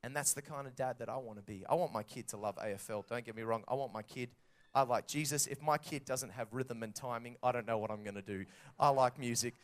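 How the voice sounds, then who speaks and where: A man in his thirties with an Australian accent, preaching a sermon and telling stories with lively acted-out quotes. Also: medium pitch, fast. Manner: animated storytelling with acted-out quotes. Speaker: pastor.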